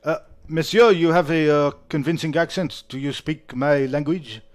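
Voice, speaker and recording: A man's voice: a little high, normal speed, lightly acted. Man doing a young knight, put-on French accent, courtly, hesitant, raised voice. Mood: formal. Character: young male noble knight, polite but suspicious.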